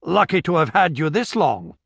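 A man's voice: fairly high pitch, big pitch swings, normal speed, gravelly, a bit bright, breathy edge, no echo, voice pushed up, full character voice. A narrator puts on a cheerful innkeeper. He is chatty and polite, and the recording is close and dry. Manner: cheery, folksy and deferential. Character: friendly Scottish male innkeeper.

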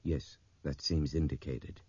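A man voicing a terse man who takes charge in an emergency, speaking in a clipped, dry, steady way. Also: very deep voice, measured pace, slightly rough, no echo, lo-fi sound, full character voice. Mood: calm.

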